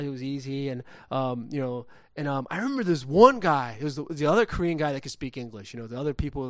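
A middle-aged man preaching a sermon, reading scripture, then telling family stories in a conversational way with frequent restarts that turn lively during the anecdotes. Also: medium pitch, no echo, clean studio sound. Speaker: pastor.

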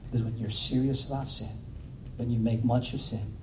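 Mellow-voiced preacher in an echoey hall. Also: male voice, medium pitch, fairly even intonation, moderate pace, a little hiss or hum. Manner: casual, filler-heavy preaching that swells into fervent cries. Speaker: pastor. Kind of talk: sermon. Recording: roomy echo, distant mic.

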